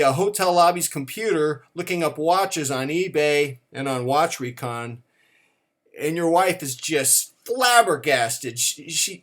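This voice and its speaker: A man's voice: a little high, fairly bright tone. A middle-aged man giving a comic countdown to camera in a playful, mock-serious way. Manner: playful, mock-serious, acts out quoted dialogue. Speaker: watch vlogger.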